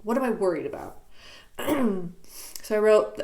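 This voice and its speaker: A woman's voice: mid-range voice, a little slow, pauses often, a little mellow. A woman talking candidly in a reflective personal vlog, searching for words with many fillers, recorded in her bedroom. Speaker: YouTuber. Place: bedroom at home.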